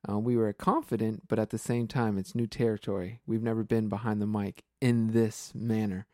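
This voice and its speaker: A man's voice: fairly low pitch, level tone, normal speed, darkish tone, dry recording, studio quality. A man in his forties co-hosting a casual podcast, chatty and upbeat, laughing often. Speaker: podcast co-host.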